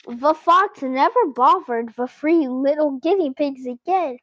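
Woman, children's book read-aloud, playful asides, unhurried, dry close sound. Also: sits high, a bit bright, no echo, dull audio. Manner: playful, exclaiming, chats to kids. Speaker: children's author reading aloud.

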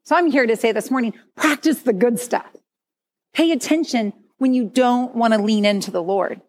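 A woman preaching in a frank, conversational way, her voice slightly high. She sounds middle-aged and speaks like a church speaker telling her own story to a congregation. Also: moderate pace, darkish tone. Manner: candid, confessional, conversational. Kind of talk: sermon testimony.

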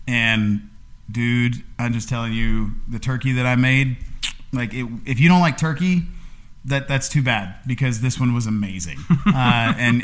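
A man in his thirties hosting a podcast, talking casually with lots of fillers and restarts. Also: mid-range voice. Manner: rambling, filler-heavy, warm congratulating. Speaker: podcast host. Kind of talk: casual chat.

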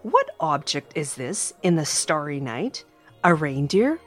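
A woman hosting a children's story podcast, reading a rhyming picture book aloud in an animated, expressive way. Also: low voice, measured pace, faint music behind. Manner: animated, expressive, warm-hearted.

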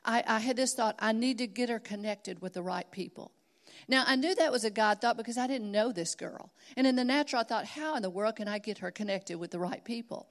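A middle-aged woman preaches, her voice sitting a little higher than most. She tells her stories earnestly and then presses her point home with emphatic, rising exhortation. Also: a little fast. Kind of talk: sermon.

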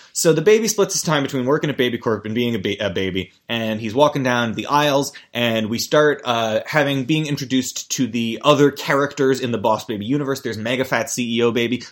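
A man hosting a podcast and giving casual, comedic commentary that rambles, swears and keeps interrupting itself. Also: mid-range voice. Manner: rambling, profane, self-interrupting.

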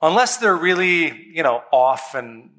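Dad telling a story about his kids, bright voice a bit high, keeps asking the crowd questions, voice jumps around when he acts stuff out. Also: very animated, measured pace. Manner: talks straight to listeners with rhetorical questions. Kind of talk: conversational storytelling to an audience.

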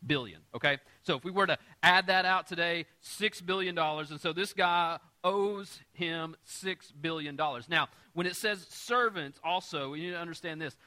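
A man's voice: on the high side, normal speed, few pauses, pushed and bright. A man preaching a sermon as pastor, explaining scripture in everyday terms with light humor and often checking in with his listeners. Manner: conversational preaching with frequent audience check-ins.

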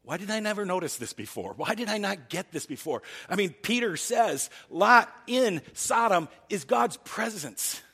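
Husky pastor preaching in an echoing hall. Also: male voice, sits high, animated, normal speed, hardly any pauses, sharp tone. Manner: earnest, thinking aloud, frequent restarts. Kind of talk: sermon.

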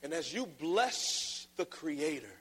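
A man preaching a sermon, playful and then emphatic, often mimicking flat reading voices. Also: on the high side, slow pace, husky. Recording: long reverb of a large hall.

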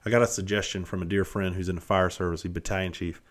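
A man's voice: deep voice, fairly even intonation, fast, background noise. A middle-aged man hosting a podcast, telling blunt, profane stories from his own past in a casual, self-deprecating way. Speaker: podcast host. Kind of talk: casual storytelling monologue.

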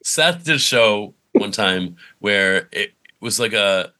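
Bright-voiced man hosting casual chat. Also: fairly low pitch, slow. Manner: short reactions, relaxed prompting.

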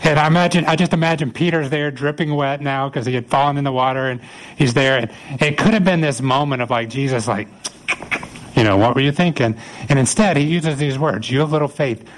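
A man's voice: medium pitch, fairly quick, rough recording. Earnest man preaching a conversational sermon. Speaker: pastor.

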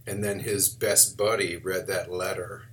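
A man's voice: deep voice, level tone, unhurried, fairly bright tone, slight background noise. A man with a Southern US accent co-hosting a podcast, in laid-back, wisecracking chat with some swearing. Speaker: podcast co-host. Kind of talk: casual chat.

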